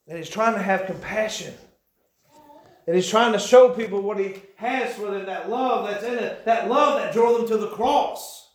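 High-voiced impassioned preacher, echoey church. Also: male voice, moderate pace. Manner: impassioned, rising to shouts. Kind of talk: sermon.

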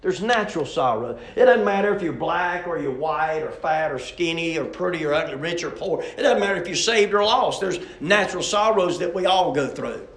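A man's voice: fairly high pitch, lively intonation, fairly quick, few pauses, echoey room. A middle-aged man, preaching a sermon with a repetitive, emphatic cadence and personal stories.

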